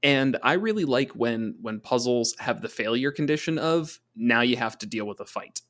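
A man co-hosting a casual tabletop gaming talk, chatty, often slipping into quick voices for monsters and players. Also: medium pitch, lively intonation, a bit bright. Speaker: podcast co-host, game master.

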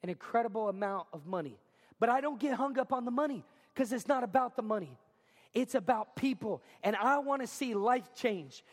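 A man preaching as a pastor, talking in an energetic, emphatic way and repeating lines for effect. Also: very high voice, fairly quick, in a large hall. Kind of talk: sermon. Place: school cafeteria or gym used as a church.

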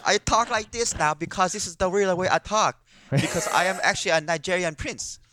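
A man's voice: sits high, brisk, pushed and bright, pitched above the performer's own voice. A man putting on an exaggerated mock foreign accent as a joke. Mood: joking. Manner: jokey, exaggerated.

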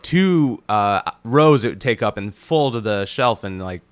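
Deeper guy on a podcast mic, dead dry room, talks eager. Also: animated, a little slow, clean tone, no room sound. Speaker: podcast co-host. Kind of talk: casual podcast chat.

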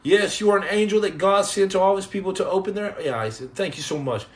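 Middle-aged guy rambling on a livestream, kinda high voice, jokey, keeps restarting words. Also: quick pace. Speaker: livestream host answering viewer comments. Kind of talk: casual livestream chat.

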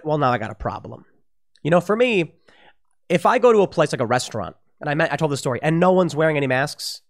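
A man talks straight to his audience in an opinion commentary, pressing every point hard and circling back to repeat words when he gets heated. His voice sits a little high for a man. His pitch swings widely through each phrase. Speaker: online political commentator.

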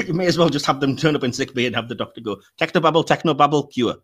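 A man's voice: mid-range voice, rapid-fire, fairly bright tone, husky. A man hosting a podcast in casual chat, joking and nitpicking, laughing often. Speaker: podcast host.

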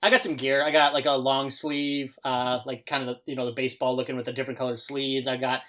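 A young man, a podcast co-host who coaches baseball, talking in casual chat and telling lively stories. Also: mid-range voice, quick pace. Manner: animated storytelling, quotes others in lively bursts.

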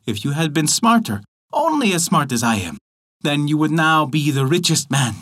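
A man voicing a tiny, clever bird that mocks and teases in a raised, lively voice. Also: a little high, moderate pace, voice pushed up. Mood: mocking. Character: tiny clever mocking bird, sly and cheeky.

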